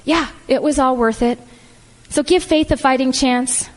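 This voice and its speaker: A middle-aged woman giving a heartfelt, animated motivational speech to an audience. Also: high voice, measured pace. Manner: heartfelt, animated, repetitive "I love" phrasing. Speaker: speaker at a business event. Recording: reverberant hall.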